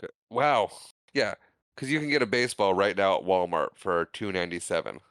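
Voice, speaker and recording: A man's voice: low-pitched, fairly quick, clean tone, dry recording, studio quality. A man co-hosting a podcast, casually recapping a movie scene by scene and acting out the characters' lines. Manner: animated, acts out characters' lines while retelling scenes. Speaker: podcast co-host.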